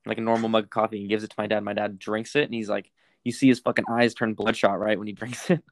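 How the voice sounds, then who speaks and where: A man's voice: on the low side, level tone, quick pace, dry recording. A young man co-hosting a casual podcast, reading facts aloud and rambling into stories, with lots of swearing. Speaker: podcast co-host.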